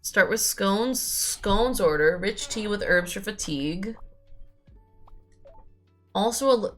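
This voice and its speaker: A young woman streaming a game, chatting playfully and asking quick surprised questions as she reads along. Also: medium pitch, expressive, a bit bright, soft background music. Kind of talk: casual game commentary and reading dialogue aloud.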